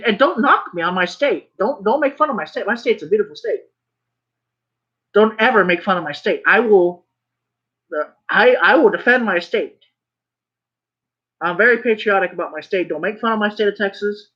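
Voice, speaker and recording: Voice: mid-range voice, a bit bright. A vlogger talking in a casual rant, rambling, repeating phrases and swearing when worked up. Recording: slightly muffled recording.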